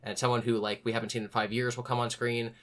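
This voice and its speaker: A young man hosts a casual podcast chat. His voice is bright and forward. He tells stories with lively energy and raises his voice to act out what others said. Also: medium pitch, fast. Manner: animated, acts out other people's lines in a raised voice. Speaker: podcast host.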